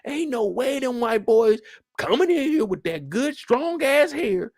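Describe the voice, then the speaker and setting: Man voicing an old nobleman, outraged, shrill, very high, wildly swinging. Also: big pitch swings, measured pace, darkish tone, exaggerated voice. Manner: shrill, indignant protesting.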